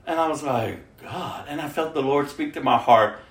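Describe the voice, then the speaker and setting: A woman's voice: low voice, normal speed. A woman preaching a sermon, emphatic, acting out the prayers she quotes. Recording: roomy echo.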